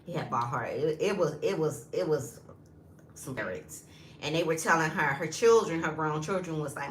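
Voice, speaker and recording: A woman in her fifties telling viewers a story in a casual, animated vlog, often calling them y'all. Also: sits low, normal speed, reverberant, slight background noise. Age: 50s. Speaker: lifestyle vlogger.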